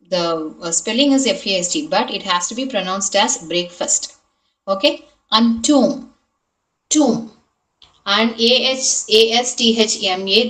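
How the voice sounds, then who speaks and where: A woman's voice: medium pitch, fairly bright tone, far from the mic. A woman with an Indian English accent teaches pronunciation in an online training session. She spells each word letter by letter and repeats how it should be said. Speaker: resource person teaching pronunciation.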